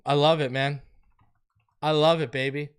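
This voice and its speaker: A man hosts a live draft reaction stream with a high, smooth, clear voice. He talks excitedly and repeats his cheers, hyping every pick as it comes in. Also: moderate pace. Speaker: host of a sports fan channel.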